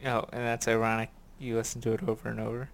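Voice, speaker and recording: A man's voice: mid-range voice, completely flat delivery, fast, vocal fry. A man co-hosting a casual podcast chat, answering with dry, teasing asides. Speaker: podcast co-host.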